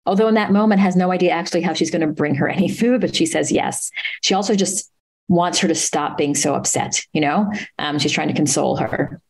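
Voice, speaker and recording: A woman guest at a live talk, earnestly retelling a story with many pauses and restarts. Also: sits low, creaky, slightly rough, poor audio. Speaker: author and interview guest.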